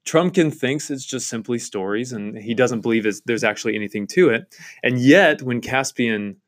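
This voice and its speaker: A man's voice: medium pitch, moderate pace. A man giving a devotional Bible-study talk on a novel, earnest and enthusiastic, with frequent fillers and restarts.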